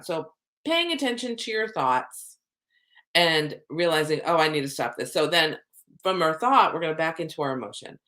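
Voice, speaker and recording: A middle-aged woman, a soul coach, talking casually to camera and acting out her own inner thoughts in lively asides. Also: low-pitched.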